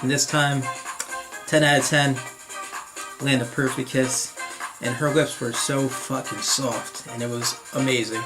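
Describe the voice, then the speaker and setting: A young man from northern New Jersey speaks with a New Jersey accent, telling a long story to camera in a loose, rambling way. He stumbles over his words, repeats himself, and chuckles at his own story. Faint music plays behind him. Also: mid-range voice. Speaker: vlogger.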